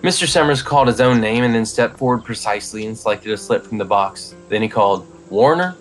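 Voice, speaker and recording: Man narrator, low voice, measured story reading, faint music behind. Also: fairly even intonation.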